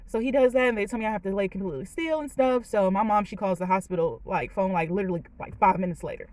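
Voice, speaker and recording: A woman's voice: mid-range voice, fast talker, a little mellow. A young woman in her late twenties shares a personal story from her car, candid and emotional, leaning on fillers as she talks. Her voice sits in a middle range and sounds close and dry, with no room echo. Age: late 20s. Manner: candid, chatty, emotional, many "you know"s. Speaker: vlogger. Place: parked car.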